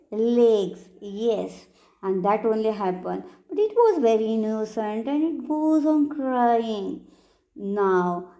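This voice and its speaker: Woman teacher, middle-aged, unhurried, slightly high voice, sing-song questions to a class. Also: mellow. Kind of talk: explaining a poem to children.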